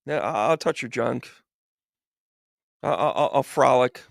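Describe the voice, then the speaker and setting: A man's voice: mid-range voice, a little slow, creaky, no echo, studio quality. A man voicing Lilith as a sassy, defiant first woman who refuses to serve her man. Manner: sassy, dismissive.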